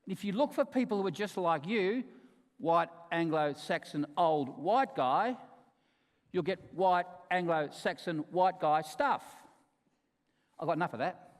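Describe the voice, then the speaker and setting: A man delivering a conference keynote in a fairly high voice. He tells stories with emphasis and humour, then drops into quiet asides. Long reverb from the large hall trails after his words. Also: animated, measured pace. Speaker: keynote speaker.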